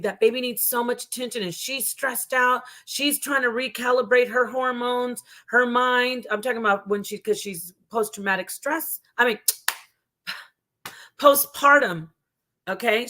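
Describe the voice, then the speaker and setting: A woman's voice: fairly high pitch, a bit bright. A woman hosting a live stream, talking to her chat in an emotional, casual way, with frequent restarts. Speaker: live stream host reacting to a video.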